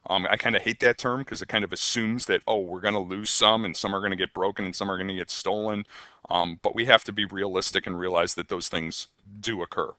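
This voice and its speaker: A man's voice: sits low, steady tone, a little fast, sharp tone, no room sound. A man teaching accounting in a conversational recorded lecture, with frequent ums and rhetorical questions to the students. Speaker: accounting instructor.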